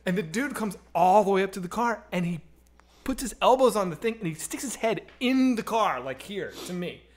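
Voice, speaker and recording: A man on a comedy stream telling a wild story, animated and profane, acting out the voices in it. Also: high-pitched, moderate pace. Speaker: comedy podcast host.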